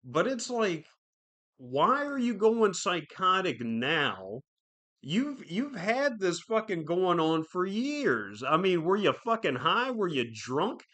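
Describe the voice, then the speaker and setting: This solo podcast host is a man whose voice sits high, with a sharp tone and a sing-song lilt, taking things slowly. His casual commentary rambles, heavy with profanity and fillers.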